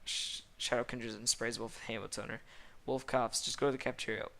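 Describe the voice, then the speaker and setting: A man reading a comedic fanfiction aloud in a deadpan way, stumbling and correcting himself. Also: mid-range voice, brisk, gravelly. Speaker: fanfiction reader.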